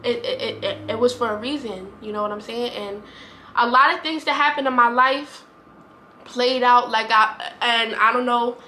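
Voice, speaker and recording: A woman vlogger speaks earnestly to camera in a heartfelt, casual talk, rambling and repeating herself. Her voice is a little high, pushed and bright, at normal speed. There's slight background noise.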